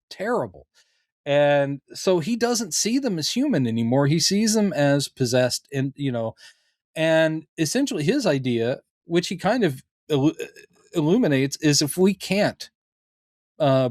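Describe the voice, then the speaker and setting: A man's voice: on the high side, dry recording, clean studio sound. A man co-hosting a podcast, casually talking through a TV episode and often acting out the characters' lines. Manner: animated, acts out characters' lines in quotes. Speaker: podcast co-host. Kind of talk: casual discussion of a TV show.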